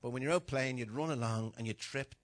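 This sermon comes from a middle-aged man speaking fairly quickly at medium pitch. He brings his stories to life by performing different voices and sinking into sudden whispers.

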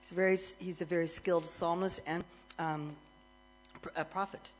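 A middle-aged woman worship minister telling a lively story as part of a sermon, getting more excited and louder as it goes. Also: lowish voice, moderate pace, faint music behind, low-quality recording. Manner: animated storyteller, grows excited and loud, laughs.

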